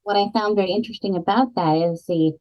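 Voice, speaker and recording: A woman co-hosting a podcast, chatting in a relaxed, talkative way with some fillers. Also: medium pitch, quick pace. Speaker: podcast co-host. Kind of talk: casual book chat. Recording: slightly dull lo-fi podcast audio.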